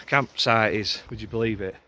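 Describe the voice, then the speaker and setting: A man's voice: lowish voice, normal speed, creaky, bright, forceful tone. A young man from Lancashire chatting casually to camera for a travel vlog, rambling and laughing often, filmed outdoors at a forest campsite on a handheld camera. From Lancashire, England. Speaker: vlogger.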